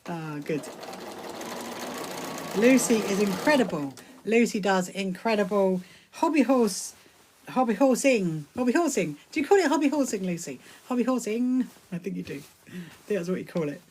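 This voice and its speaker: A woman hosting a casual sewing live stream, chatting and rambling with bursts of excitement as she answers viewers. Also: mid-range voice, moderate pace, breathy edge. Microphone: phone streaming live.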